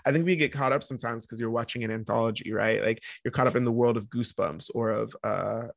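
A man with a gravelly edge to his voice talks loosely with a co-host, laughing often and slipping into voices for quoted lines. The sound is dry and close, with no room around it. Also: medium pitch, fairly even intonation, fast, dry recording. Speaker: podcast co-host. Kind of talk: casual chat.

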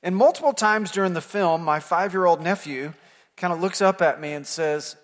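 A male pastor preaches from the pulpit, his slightly high voice carrying a long reverb tail through the sanctuary. He tells stories earnestly, swelling to emphatic points and then sinking to near-quiet asides. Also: normal speed. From United States. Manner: storytelling, earnest, builds to emphatic points then drops soft. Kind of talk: sermon. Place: church sanctuary.

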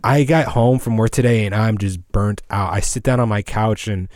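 A man's voice: lowish voice, normal speed, a little mellow, dry recording. A man co-hosting a casual podcast from a studio, rambling in a laid-back way and saying "dude" often. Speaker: podcast co-host. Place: small recording studio. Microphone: studio microphone.

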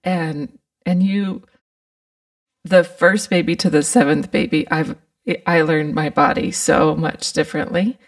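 A woman's voice: sits low, steady tone, measured pace, recorded from a distance. A middle-aged woman hosting a conversation, emotional and asking questions. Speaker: host. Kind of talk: casual conversation.

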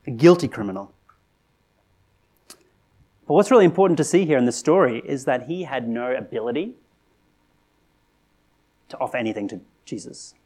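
A man preaching a sermon in a conversational, earnest way, asking rhetorical questions and rising to animated emphasis. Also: medium pitch. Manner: conversational with frequent restarts and "right?".

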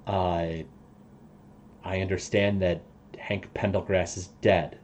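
A man's voice: sits low, level tone, takes it slowly, a little mellow. Man voicing a grave old dragonkind councilman.

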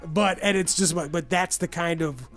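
Young guy rambling thru profane stories, kinda high voice, faint music behind. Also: normal speed, fairly bright tone. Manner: rambling, profane storytelling with many restarts. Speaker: podcast guest telling stories. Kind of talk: casual chat.

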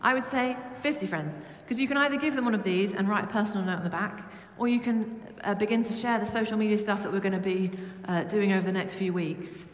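A woman from Britain preaching a lively, humorous sermon to her church. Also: mid-range voice, quick pace, hardly any pauses. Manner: humming song snippets. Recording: echoey church with long reverb.

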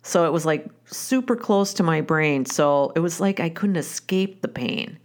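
Low-voiced woman telling a wry story. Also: animated, a little slow. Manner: candid, wry, conversational with restarts. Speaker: wife and mother. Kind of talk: personal storytelling.

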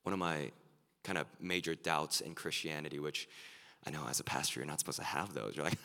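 A man preaching an earnest sermon as a pastor, his voice turning excited and emphatic at times. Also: a bass voice, normal speed, gravelly. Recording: live sermon with long hall reverb.

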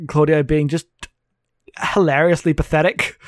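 A man's voice: fairly high pitch, fairly even intonation, moderate pace, no echo. A man co-hosting a podcast, recapping a book in a sardonic, laughing, rambling way on a close mic. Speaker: podcast co-host. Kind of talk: comedic book recap chat.

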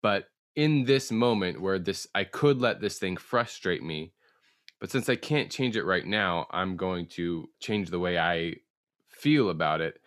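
A man's voice: low voice, a little slow, a bit bright, dry recording, clean studio sound. A man hosting an interview, thoughtful and encouraging as he paraphrases his guest. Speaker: host. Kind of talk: casual interview chat.

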